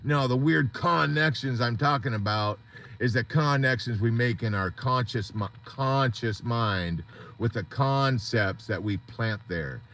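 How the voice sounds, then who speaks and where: Gravelly, bright-voiced man rambling on a live stream. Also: mid-range voice, unhurried. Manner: earnest, motivational, rambling. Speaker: support group host.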